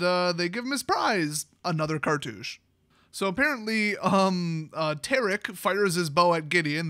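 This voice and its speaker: A man with a high voice recaps a fantasy tale in a sarcastic, mocking way, breaking into laughter often. The sound is close and dry, with no room around it. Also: bright, forceful tone, dry recording. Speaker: card game channel host.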